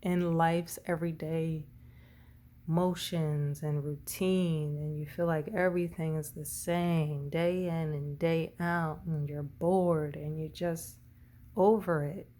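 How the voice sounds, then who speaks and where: A woman's voice: low voice, fairly even intonation, slow, warm tone. A woman doing a casual tarot reading, rambling and often correcting herself. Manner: rambling, self-correcting, tongue-tied. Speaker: tarot reader.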